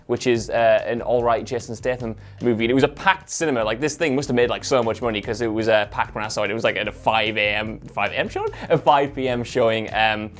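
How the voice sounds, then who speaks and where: A man's voice: mid-range voice, fast talker, hardly any pauses, fairly bright tone, soft background music. A man telling a comic anecdote to camera, wry with sarcastic asides. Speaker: film pundit.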